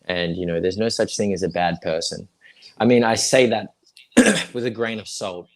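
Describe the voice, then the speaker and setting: Low-voiced man chatting casually. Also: normal speed. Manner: rambling, frequent fillers and restarts. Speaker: guest actor. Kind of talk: casual livestream chat.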